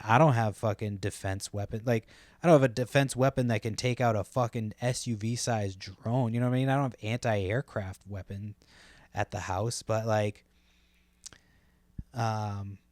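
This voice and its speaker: A man's voice: lowish voice, fairly even intonation, normal speed, darkish tone, dry recording. Rambling, profane male podcast host. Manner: rambling, profane, filler-heavy. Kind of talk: casual solo podcast rambling.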